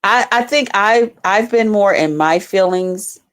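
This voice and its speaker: Unhurried and medium in pitch, a woman recounts a story to her audience in an informal vlog. She swears without restraint, stays animated throughout, and refers to the viewers as "y'all."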